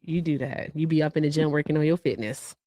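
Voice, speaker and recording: A woman's voice: deep voice, fairly even intonation, quick pace, mellow. A woman co-hosting a livestream show, chatting casually and reading out viewer thank-yous with asides. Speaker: livestream co-host.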